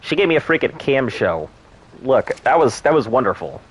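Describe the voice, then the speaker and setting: A man's voice: medium pitch, very animated, moderate pace, breathy edge. Guy streaming a game, rambly and crude, just joking around with chat. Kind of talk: casual gameplay commentary.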